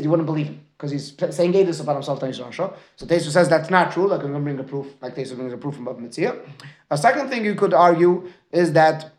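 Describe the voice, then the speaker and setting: A man with a rather high, reverberant voice teaches a Talmud class, lecturing and taking student questions. He blends Aramaic and Hebrew terms into his English and keeps checking in with a "right?".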